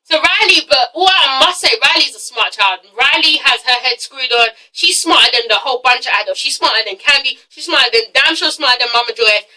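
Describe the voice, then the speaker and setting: High bright-voiced woman ranting about TV. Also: lively intonation, a little fast, few pauses, far from the mic, poor audio. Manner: frank, swears a lot, gossipy. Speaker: TV show reviewer. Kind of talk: casual chatty review rant.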